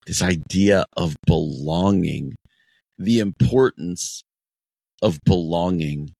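A man's voice: deep voice, animated, slow, gravelly, darkish tone, no room sound. A man giving a devotional radio message in an earnest, emphatic way, repeating key phrases.

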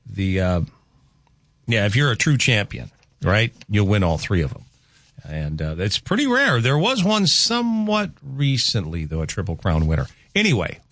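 A man's voice: fairly low pitch, a bit bright, dry recording, studio quality. A man hosting a radio show, chatting casually and rambling with asides and restarts. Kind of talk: casual morning radio chat. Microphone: studio microphone.

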